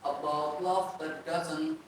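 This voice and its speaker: A man's voice: on the high side, fairly even intonation, takes it slowly. A young man co-hosting a student book podcast, reading a casual script with small slips. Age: young adult. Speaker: podcast co-host. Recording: echoey room, far-off mic, faint noise.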